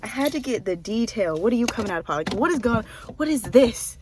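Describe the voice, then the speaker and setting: A young woman vlogging in casual chat to camera, excitable, breaking into squeals and exclamations. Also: a little high, fast, background noise.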